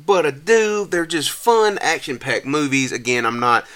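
Rambling man ranting about a movie. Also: moderate pace. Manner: rambling, restarts often, gets animated and higher when exasperated. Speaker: podcast host reviewing a movie. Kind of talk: casual rant.

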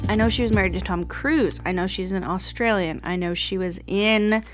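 A woman's voice: medium pitch, normal speed, soft background music. A woman co-hosting a comedic podcast, blunt and exasperated as she guesses. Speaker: podcast co-host. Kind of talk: casual comedic podcast chat.

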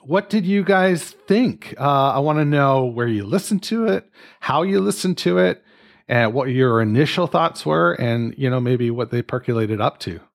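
A man's voice: medium pitch, expressive, moderate pace, creaky. A man, from Canada, hosting a casual podcast chat in an upbeat, joking way. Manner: upbeat, joking, loosely scripted. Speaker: podcast host.

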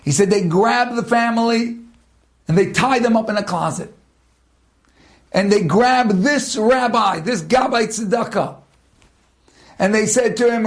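In a high voice, a man tells a story as a sermon, moving slowly and using long dramatic pauses to build suspense.

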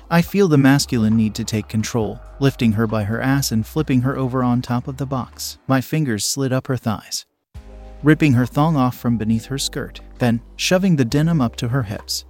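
A young man narrating an adult story in first person, reading in a low, steady, unhurried way. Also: soft background music.

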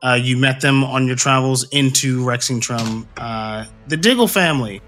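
A man's voice: medium pitch, moderate pace, fairly bright tone, faint music behind. A man narrating as game master for a tabletop game, hesitant and full of fillers. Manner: hesitant, many fillers, clears throat.

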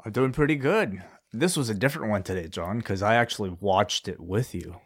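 A man's voice: lowish voice, animated, fairly quick, husky. A man co-hosting a wrestling post-show podcast in easygoing, casual chat. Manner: easygoing, laughs often. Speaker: podcast co-host.

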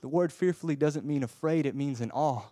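A man preaching a sermon with passion, swinging from loud urging to a soft hush and often stammering and repeating words. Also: a little high, a little fast, no room sound, studio quality.

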